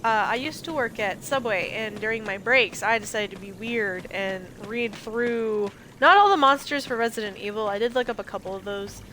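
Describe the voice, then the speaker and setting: A woman's voice: a little high, normal speed, hardly any pauses, pushed and bright, a little hiss or hum. Chatty young woman gaming. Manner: chatty, joking, exclaims and laughs often. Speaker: gameplay streamer. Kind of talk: casual let's play commentary.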